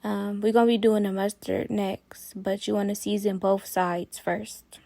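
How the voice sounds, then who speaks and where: A woman hosting a cooking channel, talking viewers through a recipe in a chatty, relaxed way. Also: mid-range voice, unhurried, creaky, dry recording. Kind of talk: casual cooking tutorial.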